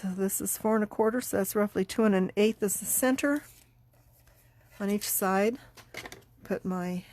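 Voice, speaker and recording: Congested middle-aged woman, unhurried and chatty, craft tutorial host. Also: medium pitch, darkish tone, a little hiss or hum. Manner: chatty, unhurried, talks while working. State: congested, sniffling. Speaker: card-making class teacher.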